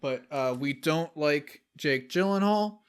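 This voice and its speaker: Young man with a lively, swinging pitch. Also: takes it slowly, clean tone. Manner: swears often, jokey, lots of fillers and restarts. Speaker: podcast co-host. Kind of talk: casual chat.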